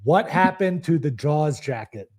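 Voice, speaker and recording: A man co-hosting a casual podcast, introducing the guest with a laid-back, drawn-out delivery. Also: fairly high pitch, lively intonation, darkish tone. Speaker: podcast co-host.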